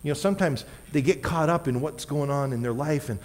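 A man preaching a sermon as a pastor, wearing a microphone, emphatic, with loud stressed words and quiet asides. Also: on the high side, brisk. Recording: long hall reverb.

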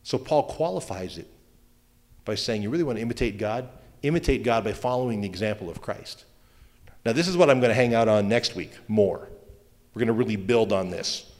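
A male pastor giving a sermon in a conversational manner, with joking asides and quick self-corrections. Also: mid-range voice. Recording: long hall reverb.

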